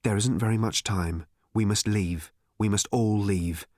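A man doing a calm, quietly urgent woman. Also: fairly low pitch, unhurried, dry recording, studio quality, close to an everyday voice. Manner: quiet and steady. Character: calm, composed woman journalist pleading.

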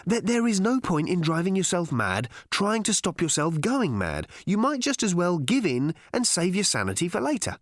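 A man's voice: high-pitched, very animated, dry recording, studio quality, voice pushed up. A man voicing a breezy, eccentric alien wanderer, raising his voice and talking airily and cheerfully, in an audiobook reading. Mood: airy. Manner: airy, cheerfully infuriating, quick. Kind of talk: audiobook character voice.

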